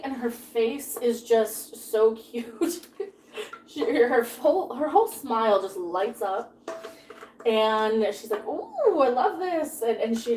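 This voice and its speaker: A woman with a fairly high voice chats loosely while cooking on a live stream, rambling between topics and laughing often. Her talk carries over a faint hiss of background noise. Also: mellow. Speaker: streamer cooking and reading chat.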